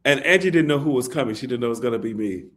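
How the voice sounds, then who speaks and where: A man, a songwriter, telling a story in an interview with animated delivery. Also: medium pitch, rapid-fire. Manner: animated, recites lyrics softly. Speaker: songwriter guest.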